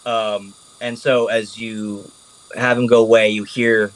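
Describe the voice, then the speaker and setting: A man narrating a tabletop game as game master, animated and casual, swearing freely. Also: on the low side, slow pace, poor audio.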